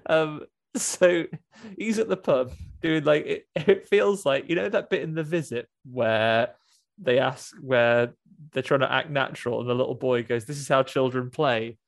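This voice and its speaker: A man talking through a film plot in loose, rambling chat. He stumbles through restarts and slips into quick quoted voices. His voice sits in an average middle register. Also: mid-range voice, steady tone, vocal fry. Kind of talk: casual film recap chat.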